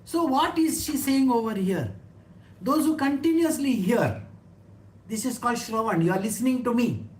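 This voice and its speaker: A woman's voice: on the high side, animated, moderate pace, darkish tone. A woman giving an informal talk on scripture, chatty, often asking her listeners questions and laughing. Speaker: spiritual teacher. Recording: echoey room.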